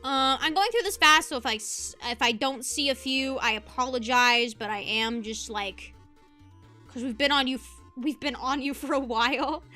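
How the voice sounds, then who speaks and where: A woman's voice: high-pitched, moderate pace, sharp tone, soft background music. A young woman streaming as a VTuber, ranting passionately in casual commentary and laughing easily.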